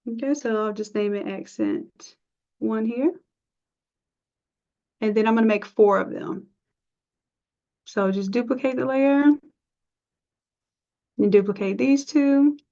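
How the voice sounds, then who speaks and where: A woman teaching a live software design class, chatty and encouraging, thinking aloud as she works. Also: fairly high pitch, takes it slowly, long pauses. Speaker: design instructor. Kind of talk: live screen-share tutorial. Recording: dull lo-fi stream audio.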